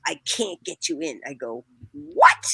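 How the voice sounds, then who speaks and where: A woman, telling a lively story as a podcast guest and acting out the voices in it. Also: medium pitch, moderate pace, husky, dry recording, low-quality recording. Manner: acts out quoted voices, laughs often. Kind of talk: animated anecdote telling.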